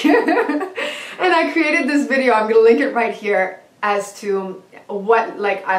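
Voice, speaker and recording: A young woman vlogging, telling a story in a casual, animated way, acting out her own past reactions and laughing often. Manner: animated, quotes herself in a high excited voice and laughs often. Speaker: singer and vlogger. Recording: roomy, slightly distant from the mic.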